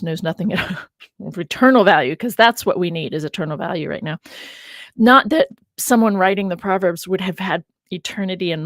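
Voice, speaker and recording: A woman's voice: on the low side, no echo. Musing woman scholar on a dry livestream. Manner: musing aloud, laughing often, stresses words. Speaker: biblical scholar hosting a livestream. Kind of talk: casual livestream teaching.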